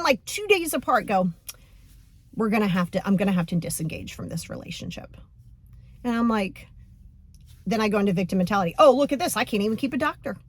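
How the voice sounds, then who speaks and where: A woman's voice: mid-range voice, no echo. A young adult woman hosting a podcast as a coach, talking bluntly and casually, acting out quotes as she tells a story. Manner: blunt, animated, acts out quoted voices. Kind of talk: casual motivational podcast talk.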